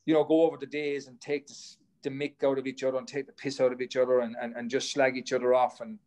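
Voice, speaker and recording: A man's voice: medium pitch, flat delivery, quick pace, darkish tone. A man, a former runner, telling rambling stories as a podcast guest, swearing casually and restarting his sentences. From Ireland. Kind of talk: casual storytelling chat.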